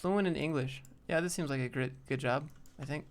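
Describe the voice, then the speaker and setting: A man's voice: on the high side, fairly quick. A young man hosting a casual live stream, thinking aloud as he browses job listings and answers viewers.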